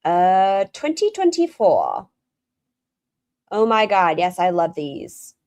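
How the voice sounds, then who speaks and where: A woman's voice: medium pitch, sing-song, slow pace, a little mellow, no echo. Wry woman hosting a reaction stream. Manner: dry, wry, mocking. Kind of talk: casual reaction commentary.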